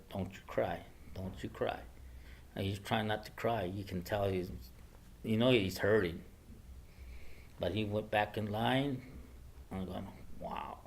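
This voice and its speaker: Older man telling stories, halting. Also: lowish voice, vocal fry, slight background noise. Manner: hesitant, many fillers and restarts. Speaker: guest speaker. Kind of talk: personal storytelling to a class. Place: classroom.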